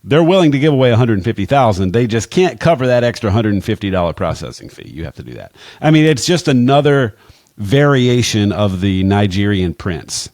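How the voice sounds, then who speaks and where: A man's voice: on the low side, very animated, fairly quick, a little mellow, no echo, studio quality. A man giving casual financial advice on a podcast, plainspoken and wry, with frequent asides. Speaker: financial advisor, podcast guest expert.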